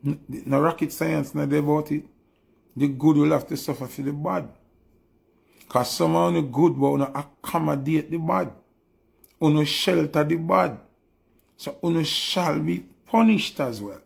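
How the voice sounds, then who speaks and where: Jamaican Patois man, gravelly and raspy, fervent preachy monologue. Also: on the high side, moderate pace. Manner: preachy, fervent, repetitive questions. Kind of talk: impassioned spoken monologue.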